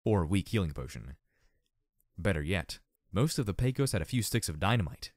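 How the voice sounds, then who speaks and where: A hoarse man narrating a fan audiobook in an expressive, dramatic reading. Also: low-pitched, moderate pace, dry recording, clean studio sound. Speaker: audiobook reader.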